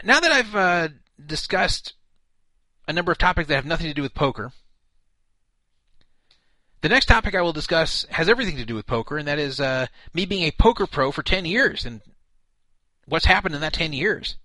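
A man's voice: a little high, sharp tone, dry recording. A man hosting a comedic radio show, talking in an exasperated way with stammering restarts. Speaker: show host.

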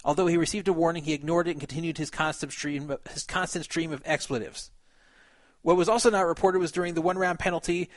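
A man's voice: a little high, no room sound. A man on a podcast who reads a written account aloud and comments on it in casual chat, with fillers and a few laughs.

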